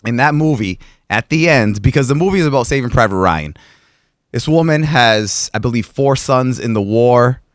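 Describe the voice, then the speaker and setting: A man talking in a relaxed, casual way, walking through film scenes in animated detail. His voice sits in a middle range. It is recorded close and dry, with no room sound. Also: mid-range voice, normal speed, no room sound. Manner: animated storyteller, retells movie scenes at length. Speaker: podcast co-host. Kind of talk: casual chat about movies.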